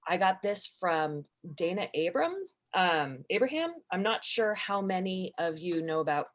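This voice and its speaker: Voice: mid-range voice, big pitch swings, measured pace. A guest on a casual video call, sharing a lesson in a playful way and laughing easily. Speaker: community member sharing a lesson.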